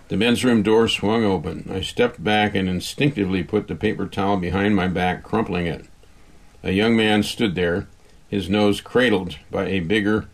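A man narrating an audiobook in the first person, in a wry, conversational way. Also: low voice.

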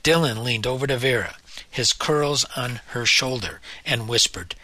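A man narrating a novel in a measured storytelling manner. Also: mid-range voice, pushed and bright, no echo. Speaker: audiobook narrator. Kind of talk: scripted narration.

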